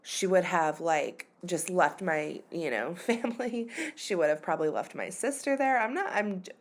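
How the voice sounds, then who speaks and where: A woman's voice: fairly low pitch, animated, normal speed. A woman in her thirties speaks close to the mic in a candid, confessional podcast monologue. Her talk is loose and full of fillers, and her voice at times sounds near tears. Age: 30s. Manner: candid and confessional, uses many fillers like "like" and "you know". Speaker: podcast host.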